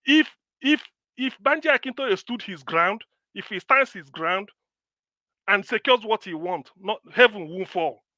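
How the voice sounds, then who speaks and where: Impassioned Nigerian man, high bright voice. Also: lively intonation, measured pace, no echo. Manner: impassioned, lecturing, scolding viewers. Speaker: live stream host. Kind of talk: live stream commentary answering viewer comments.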